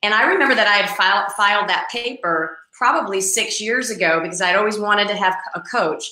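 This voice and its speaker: A woman's voice: mid-range voice, a little fast. A middle-aged woman, a real estate agent, animatedly telling a story in an interview and acting out the people in it. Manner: animated, acts out the people in her anecdotes. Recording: roomy echo.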